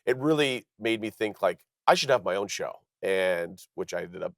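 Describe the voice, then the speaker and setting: A man's voice: moderate pace, gravelly, no room sound, studio quality. A man in his thirties from Canada, a comedian telling stories as a talk show guest, acting out quoted people. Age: 30s. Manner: lively, acts out quoted dialogue in higher voices. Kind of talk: animated storytelling. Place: television studio.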